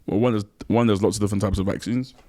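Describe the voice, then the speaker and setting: A man's voice: lowish voice, steady tone, racing, warm tone, dry recording. A man co-hosting a podcast in casual chat, teasing his co-host and restarting his sentences as he works through a point. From Nigeria.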